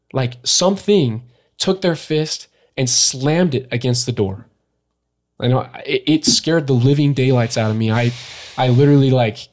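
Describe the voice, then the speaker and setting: A young man, a guest on a podcast, tells a story from his past in a casual interview, talking haltingly with many fillers and restarts. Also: medium pitch, a little mellow.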